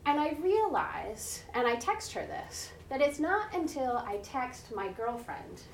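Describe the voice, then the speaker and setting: A woman's voice: on the high side, sing-song, unhurried, gravelly, slight background noise. A woman in her forties gives a conversational sermon built around a personal story, often checking in with "right?" and acting out the voices in it. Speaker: preacher. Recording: echoey room heard from a distance.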